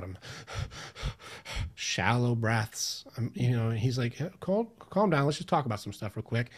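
A man in casual podcast conversation, sharing personal experience in an easygoing, animated way. He slips into quick acted-out bits of his own inner voice, and his pitch sits in an ordinary middle range. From Michigan, US. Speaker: podcast guest, mindset coach. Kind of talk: casual interview chat.

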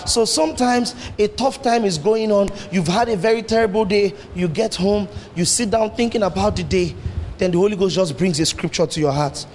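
A man preaching a sermon, animated and swinging his pitch up and down as he fires rhetorical questions at the congregation. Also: normal speed, slight background noise. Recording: long hall reverb, faint ambience.

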